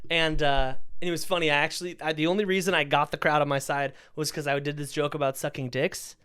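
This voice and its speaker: A young man co-hosting a podcast, telling a stand-up story in a casual, animated way, often laughing and acting out what people said. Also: a little high, quick pace, clean tone. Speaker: podcast co-host, stand-up comedian.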